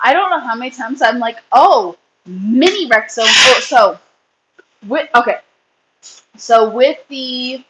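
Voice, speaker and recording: A woman's voice: on the high side, fairly bright tone, a little hiss or hum, rough recording. A woman in her thirties hosting a casual livestream chat, rambling and reading comments while feeding her kids. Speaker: livestream host and rabbit breeder.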